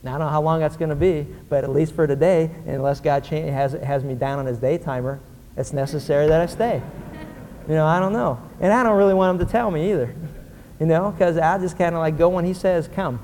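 A male pastor delivers a sermon with earnest emphasis. His voice sits a little high, with a mellow, warm tone. The sound carries a long reverb, as in a large church hall. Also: quick pace, a little hiss or hum. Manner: earnest, emphatic preaching with rising lift.

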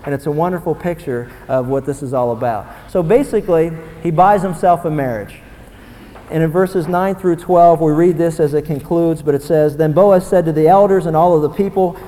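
A young man preaching a sermon, animated and swinging from low, quiet asides to loud, excited bursts. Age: young adult. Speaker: pastor. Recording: long hall reverb.

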